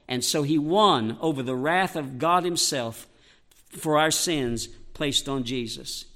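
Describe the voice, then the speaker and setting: A man's voice: on the high side, sharp tone. A man preaching a sermon, emphatic and repetitive, quoting scripture verse by verse. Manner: emphatic, quotes scripture, repeats phrases.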